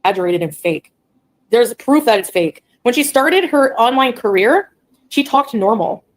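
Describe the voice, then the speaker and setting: Woman, livestreamer, blunt, ranting, reads chat aloud, very lively pitch. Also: moderate pace, rough recording.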